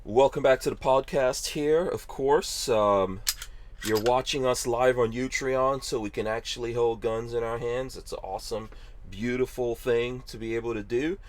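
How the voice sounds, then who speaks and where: A man's voice: mid-range voice, fairly even intonation, moderate pace, slight background noise. A man hosting a live podcast from his car, casual and joking, laughing easily with his guest. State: tired. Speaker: podcast host.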